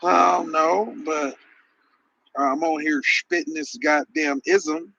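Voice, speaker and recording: A man's voice: fairly high pitch, steady tone, takes it slowly, gravelly, bright, forceful tone, muffled recording, slight background noise. A man hosting a podcast livestream, answering chat messages with sarcastic, mocking rants. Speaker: podcast host reading live chat. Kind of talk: heated livestream commentary.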